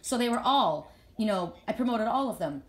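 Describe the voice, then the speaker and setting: A woman's voice: a little high, expressive, moderate pace. Rambling, earnest woman in an echoey room. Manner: earnest, rambling, repeats words when starting sentences. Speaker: spiritual reader and healer. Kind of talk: casual live chat to followers.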